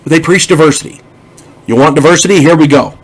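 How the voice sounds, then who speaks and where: A man's voice: a little high, quick pace, breathy edge, low-quality recording. Older man rambling through a blunt TV review. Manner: rambling, with frequent restarts and repeated words; emphatic, blunt. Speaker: TV series reviewer. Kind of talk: casual opinionated review monologue.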